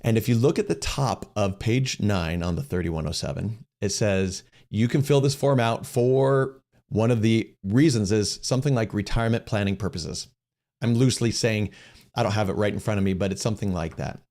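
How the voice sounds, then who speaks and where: A middle-aged man hosts a Q&A session, answering viewer questions casually and conversationally, often restarting phrases and acting out quoted dialogue. His voice is on the low side, darkish in tone, at a normal speed.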